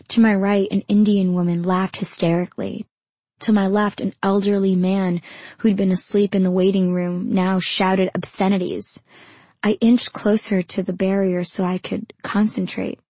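A woman narrating her own memoir in the first person, in a measured, intimate storytelling manner. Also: mid-range voice, dark tone, dry recording.

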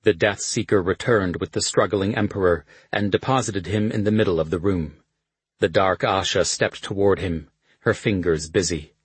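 Male audiobook narrator, husky voice, dry close sound. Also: deep voice, moderate pace, dry recording. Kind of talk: scripted narration.

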